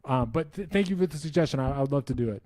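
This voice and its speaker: A man's voice: medium pitch, animated, racing, mellow, dry recording, clean studio sound. A man hosting a casual live stream, answering viewer questions in a rambling, self-interrupting way with wry enthusiasm.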